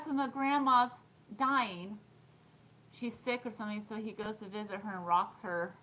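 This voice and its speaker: A woman's voice: mid-range voice, steady tone, normal speed, bright, forceful tone, low-quality recording. A woman in her thirties chatting casually on a live stream, giggling often and answering viewer comments. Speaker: thrift vlogger.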